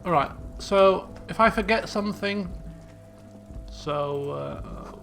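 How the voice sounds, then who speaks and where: Excitable let's-play commentator. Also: male voice, high-pitched, slow, vocal fry, soft background music. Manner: excitable, exclamatory, laughing asides. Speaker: gameplay commentator.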